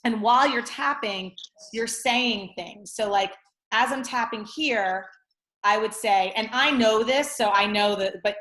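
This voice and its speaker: Over roomy video call audio, a woman guest with a fairly high, fairly bright voice explains something in casual, unhurried chat. She's chatty, tagging her sentences with lots of "like" and "right?".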